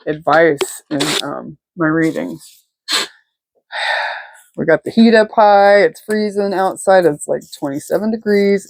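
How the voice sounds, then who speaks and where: A woman's voice: sits low, slight background noise, low-quality recording. Chatty woman giving a rambling tarot reading. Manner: rambling, filler-heavy, chatty. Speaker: tarot reader. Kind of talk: casual tarot reading chat. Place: at home.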